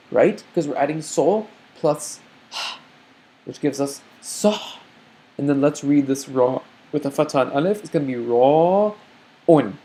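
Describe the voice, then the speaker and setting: A man teaching beginners to read over slides in a recorded online lecture, explaining step by step, sounding out letters slowly and often checking in with "okay?". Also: on the high side, warm tone. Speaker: Arabic reading teacher.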